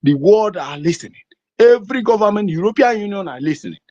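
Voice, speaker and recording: Fervent Nigerian man with a lively pitch. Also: quick pace. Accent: Nigerian English. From southeastern Nigeria. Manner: fervent, emphatic, repetitive rhetoric. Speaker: political activist. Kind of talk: impassioned political address. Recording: dull lo-fi recording.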